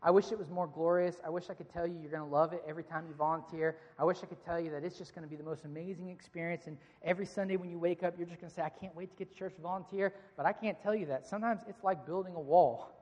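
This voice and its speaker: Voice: medium pitch, fairly even intonation, very fast, hardly any pauses, darkish tone, long reverb tail, lo-fi sound. A preacher delivering a sermon in a church, speaking in a conversational, joking way and addressing the congregation directly. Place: church sanctuary.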